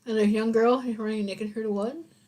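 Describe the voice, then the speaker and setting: A woman's voice: on the high side, fairly even intonation, fairly quick, warm tone. A woman co-hosting a podcast in casual chat, playful and rambling with goofy asides. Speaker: podcast co-host.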